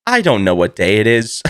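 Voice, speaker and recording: A man chats on his own podcast, laughing often and swearing freely as he rambles. His pitch swings up and down with animated energy. The sound is dry and close, with no room echo. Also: a little slow, clean tone. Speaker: podcast host. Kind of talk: casual solo podcast chat.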